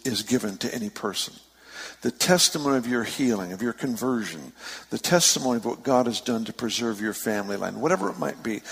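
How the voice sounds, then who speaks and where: A man preaching a sermon, telling stories with lively emphasis and easy laughs. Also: mid-range voice, vocal fry. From San Francisco Bay Area. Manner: storytelling, animated with laughs and rising emphasis. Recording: long hall reverb.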